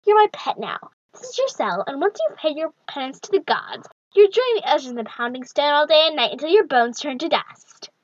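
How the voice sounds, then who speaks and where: A woman's voice: high voice, sing-song, fairly quick, highs cut off. A woman voicing a stern, haughty female death goddess who speaks in a commanding, scornful way while reading a storybook aloud.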